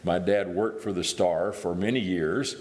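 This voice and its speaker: Low and fairly even in intonation, this darkish voice belongs to a middle-aged man from Indiana giving a guest sermon, speaking a little slowly. He thinks aloud in a conversational way with small restarts, and the recording carries the reverb of a church hall.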